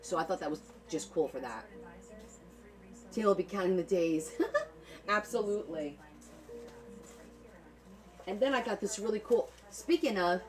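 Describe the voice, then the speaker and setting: Her mid-range voice is expressive and moves at a moderate pace with frequent pauses as she hosts a casual live auction of handmade journals. She chats affectionately, thanks viewers by name, and often repeats words. The recording quality is low.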